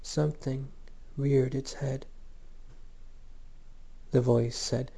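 A man narrating a story in a measured, gentle reading. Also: medium pitch, fairly even intonation. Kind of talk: scripted audiobook narration.

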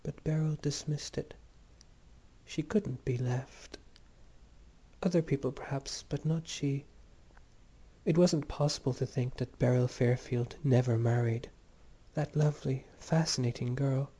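A man narrating a story in a measured, gentle reading. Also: mid-range voice, fairly even intonation, husky. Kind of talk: scripted audiobook narration.

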